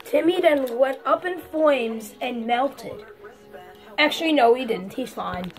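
A woman narrating a home-made toy story, playful and full of quick asides. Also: sits high, lively intonation, soft background music.

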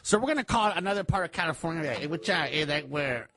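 A man's voice: fairly high pitch, expressive, fast talker, bright, forceful tone. A man hosting a prank call comedy show, who talks in a loose, slangy and hyped way. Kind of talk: casual set-up for a prank call.

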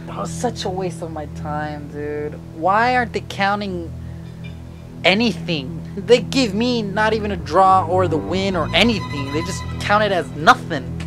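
Excitable young man yelling over football gameplay. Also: high-pitched, unhurried, over music. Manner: excitable, yelling and swearing at the game. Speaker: gamer commentating his own match. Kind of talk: casual gameplay commentary.

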